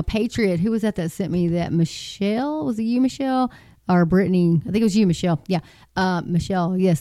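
A woman's voice: mid-range voice, mellow, no room sound. A woman giving casual rambling commentary, chatty and earnest, with many fillers and repeated phrases. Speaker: commentary vlogger.

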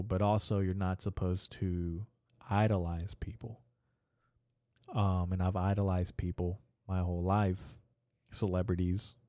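A young man hosting a solo podcast, rambling and meandering in a casual, profane way and talking things through out loud. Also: low-pitched, no room sound, clean studio sound. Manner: profane, meandering, talks to himself. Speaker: podcast host.

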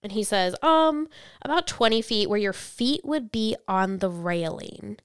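A woman co-hosting a casual true-crime podcast, telling the story in a chatty way, with quotes read out flatly. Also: medium pitch, a little slow, clear, resonant tone, no room sound, studio quality. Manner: chatty, reads quotes flatly then reacts.

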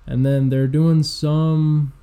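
A man in his twenties co-hosting a podcast, telling a long story in casual, profane chat with plenty of fillers, at low energy. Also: level tone, takes it slowly, mellow. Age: 20s. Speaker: podcast co-host.

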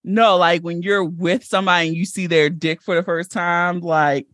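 A woman's voice: fairly low pitch, steady tone, moderate pace, fairly bright tone, no echo, clean studio sound. A woman hosting a podcast in casual chat, blunt and laughing often. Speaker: podcast host.

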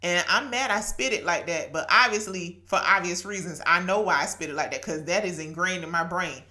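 A podcast host in her late thirties or forties gives an earnest, chatty devotional talk, weaving in laughter and quotes from scripture. Her voice sits fairly low and sounds bright and forceful, and she speaks a little quickly.

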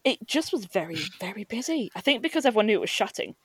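A woman hosting a podcast, chatting casually with quick asides and frequent laughs. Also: on the high side, very animated, crowd noise. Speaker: podcast host. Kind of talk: casual chat.

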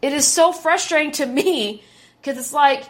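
Indignant high-voiced woman in her thirties. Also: moderate pace. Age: 30s. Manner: indignant, emphatic, repeats words for stress. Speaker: podcast host. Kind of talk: opinionated commentary.

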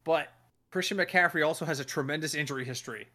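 A man hosting a casual sports podcast, talking in an animated way, swearing and acting out what other people said. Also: fairly high pitch, fast. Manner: animated, swears, acts out quoted voices. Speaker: podcast host.

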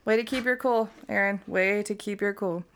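Smooth-voiced woman co-hosting a podcast. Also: medium pitch, fairly even intonation, moderate pace. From Utah. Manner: blunt, swearing, laughs often. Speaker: podcast co-host. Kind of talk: casual true crime podcast chat.

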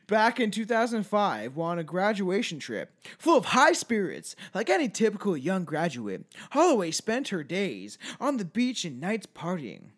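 High, lively-voiced man swearing casually. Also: measured pace. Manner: profane, loose and joking, stumbles over names. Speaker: podcast host. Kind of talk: casual chat, reading out news stories.

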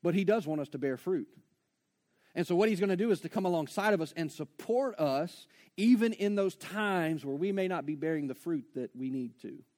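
A man preaches to his congregation in a high, light voice. He keeps it conversational, then slows down and drags out the words he wants to land. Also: darkish tone. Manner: conversational preaching, slows down to stress key phrases. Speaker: pastor. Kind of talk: sermon. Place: church before a congregation.

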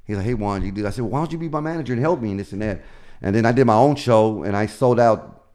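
A man's voice: fairly low pitch, fast, a little mellow. A middle-aged man, a stand-up comedian, telling stories in casual chat, acting out the voices of the people he quotes and swearing freely.

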